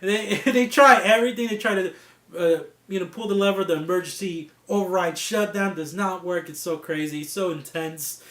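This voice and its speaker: Man, high voice, excitable, laughing and swearing, casual review, echoey room. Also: normal speed. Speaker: TV show reviewer.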